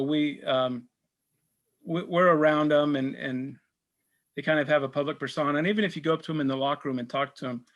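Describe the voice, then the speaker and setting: Middle-aged guy rambling thru sports stories, lots of ums and restarts, casual q&a talk. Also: on the high side. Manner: rambling, full of fillers and restarts; tells anecdotes, acts out quoted exchanges. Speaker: sportswriter speaking at a church supper.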